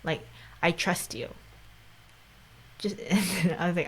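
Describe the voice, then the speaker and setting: A woman in her thirties hosts a podcast, talking casually and earnestly with a lowish voice, fairly even intonation and a moderate pace. She pauses often, frequently drops to a near whisper, and leans heavily on "like" and "right?".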